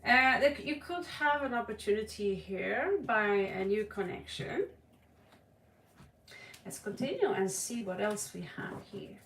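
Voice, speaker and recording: A woman with a Norwegian accent giving a tarot reading on a livestream, talking dramatically with sudden loud stresses. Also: medium pitch, lively intonation, a little slow, vocal fry, recorded from a distance, slight background noise. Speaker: tarot reader. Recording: echoey room, voice a bit off-mic.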